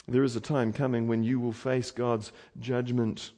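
A man preaching a sermon with dramatic swells to loud cries and drops to low, quiet warnings. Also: flat delivery, normal speed.

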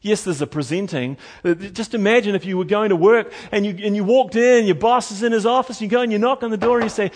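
Animated preaching man. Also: sits high, fast talker, few pauses. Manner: animated, swings from hushed to loud and emphatic. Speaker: pastor. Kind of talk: sermon.

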